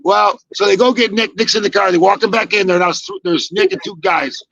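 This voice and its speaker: A man in his sixties telling a casual story, acting out the quoted lines with lively energy and casual swearing. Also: sits high, a little fast, gravelly, no room sound, highs cut off. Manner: animated, acts out quoted dialogue, swears casually. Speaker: podcast guest telling stories.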